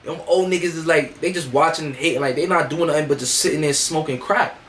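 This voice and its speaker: A man voicing an unruly eleven-year-old boy who talks loud and brash. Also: on the high side, fast, roomy sound, slight background noise, lightly acted. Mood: brash scornful.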